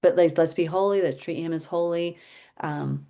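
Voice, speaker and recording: A middle-aged woman leading a casual Bible teaching chat, telling stories in an animated, chatty way. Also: on the low side, moderate pace, gravelly. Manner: chatty, animated storytelling, laughs often.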